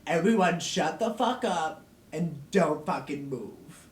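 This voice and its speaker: A man's voice: a little high, lively intonation, takes it slowly. A man voicing a brash, careless male immortal villain who talks in a flippant, sweary drawl. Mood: smug. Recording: roomy echo from a distant mic, faint music.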